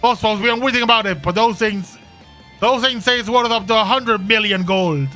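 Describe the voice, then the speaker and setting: A man's voice: high voice, moderate pace, bright, forceful tone, faint music behind. A man voicing a boastful, theatrical pirate captain in a fan voice-over of game dialogue, drawing out his words in old-timey pirate speech.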